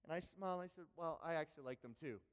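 Man, pastor, sermon storytelling, high voice, long church reverb. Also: very fast. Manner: animated, repeats words when excited.

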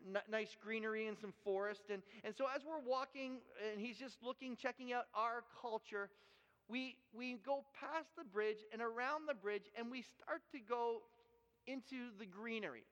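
High-voiced pastor preaching in an echoey hall. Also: male voice, moderate pace, fairly bright tone. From Canada. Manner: earnest, repeats and restarts words often. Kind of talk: sermon with personal story. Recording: echoey hall, dull lo-fi sound.

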